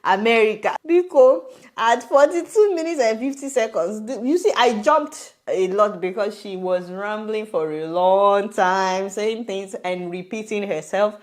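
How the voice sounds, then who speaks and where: Nigerian woman, commentary rant, mocking and incredulous, mid-pitched voice. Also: measured pace, hardly any pauses. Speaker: commentator reacting to a video.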